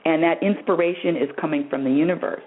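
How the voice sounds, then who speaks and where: A woman hosting a call-in spiritual advice radio show, effusive and animated, often laughing and repeating her phrases. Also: sits low, quick pace. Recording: tinny phone-line radio audio.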